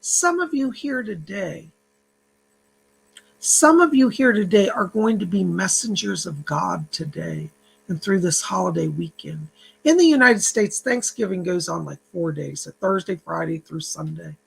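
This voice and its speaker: A man's voice: sits high, expressive, a little slow, vocal fry, a bit bright, slightly rough. A man who works as a psychic, giving an earnest, uplifting spiritual vlog message and retelling a phone call. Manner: preachy, uplifting address to viewers.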